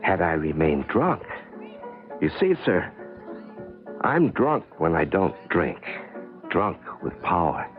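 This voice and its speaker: An actor playing a meek, confused drunk hobo in a 1970s radio drama, stammering and repeating words. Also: male voice, low-pitched, big pitch swings, slow, pauses often, heavily acted. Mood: rueful. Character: bewildered drunk hobo man, meek and rambling. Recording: phone-like old radio recording with music.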